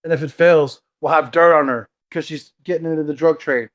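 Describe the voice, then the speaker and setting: A man takes part as a player in a tabletop game and talks in a loose, rambling way. His voice sits a little high. He speaks in a relaxed, conversational way. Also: fairly quick, no echo. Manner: loose, with many "like" fillers. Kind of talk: casual tabletop role-play.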